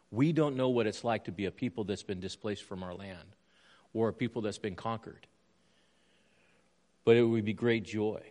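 A middle-aged man preaching a sermon in an earnest way, moving between quiet reflection and emphatic points. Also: medium pitch. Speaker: pastor.

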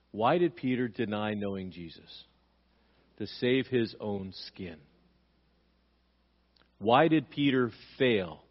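A man's voice: on the low side, expressive, slow, long pauses, highs cut off. Man preaching with emphatic rhetorical questions. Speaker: pastor. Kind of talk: sermon.

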